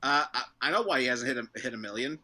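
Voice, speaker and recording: A man's voice: mid-range voice, expressive, fast talker, bright, forceful tone. A man co-hosting a casual talk show, joking around, laughing often and stumbling over his words. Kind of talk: casual podcast chat.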